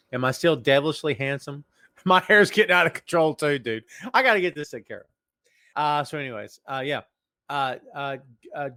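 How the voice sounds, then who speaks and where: A man's voice: mid-range voice, a bit bright, no room sound. A man hosting a casual podcast livestream, joking around and greeting viewers in the chat by name. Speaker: podcast host.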